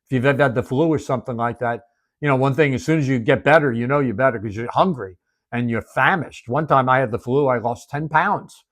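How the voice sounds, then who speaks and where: A male preacher giving a sermon, telling a story with animated swings between emphatic and hushed delivery. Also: medium pitch, moderate pace.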